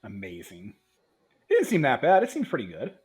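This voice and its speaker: A man's voice: mid-range voice, huge pitch swings, brisk, darkish tone, husky. A man playing a tabletop game who chats casually and helps organize the group. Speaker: player.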